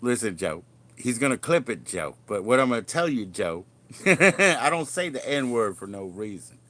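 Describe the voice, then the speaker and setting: A man's voice: mid-range voice, sing-song, moderate pace, sharp tone. Rambling, jokey man on a livestream. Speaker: livestream host. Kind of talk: casual livestream chat.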